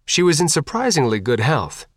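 A man narrating an action audiobook in a measured, even way. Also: on the high side, no echo, clean studio sound.

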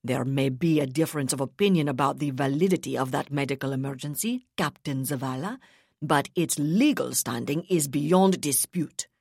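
A woman's voice: very deep voice, normal speed, creaky, a little mellow, slightly rough, no room sound, studio quality, heavily acted. A woman voicing an arrogant, scheming male colonial governor who speaks coldly and condescendingly. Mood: haughty. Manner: cold, inflexible, condescending.

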